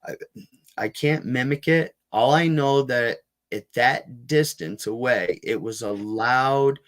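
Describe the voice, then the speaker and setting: Rambling male storyteller, mid-pitched. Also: slow. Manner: rambling, with frequent restarts and fillers. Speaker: guest, Bigfoot field researcher. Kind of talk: casual storytelling in a podcast interview.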